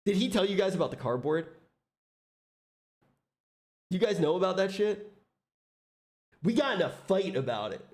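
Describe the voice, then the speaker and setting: A man's voice: sits high, moderate pace, long pauses. A man streaming in casual chat, reacting to a video and telling stories with lots of laughter and swearing. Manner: animated storytelling, laughs often, swears.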